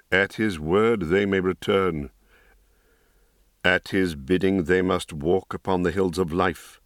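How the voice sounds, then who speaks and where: A man's voice: dry recording, studio quality. A man reading as a grave old-souled wizard. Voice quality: low, grave and measured. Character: grave, wise middle-aged male mage. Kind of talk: audiobook reading.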